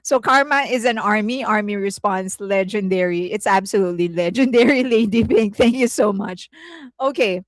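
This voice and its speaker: A woman's voice: mid-range voice, normal speed, no room sound. A woman creator giving casual commentary to her viewers, chatty and repetitive, often breaking into laughter. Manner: chatty, repeats herself, many fillers. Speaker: content creator.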